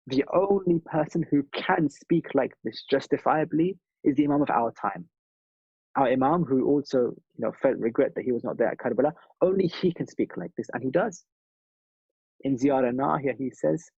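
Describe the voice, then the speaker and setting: A man's voice: mid-range voice, moderate pace, creaky, darkish tone, breathy edge, dry recording, dull audio. A man delivering a sermon at a mourning gathering, speaking earnestly with rhythmic repetition. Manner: earnest, rhythmic, repeats phrases for emphasis.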